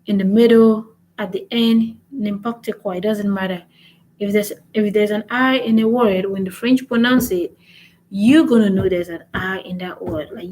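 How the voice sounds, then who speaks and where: A woman of ordinary pitch leads a relaxed live-streamed lesson, chatting away and repeating her example words. She keeps checking in with her viewers, and a faint hum sits behind her voice. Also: rough recording. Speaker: language learning channel host.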